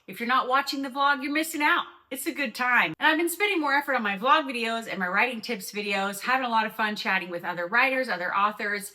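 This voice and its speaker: A woman hosting a comedy podcast, chatty and sarcastic, oversharing with animated energy. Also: fairly high pitch, fast, few pauses. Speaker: podcast host.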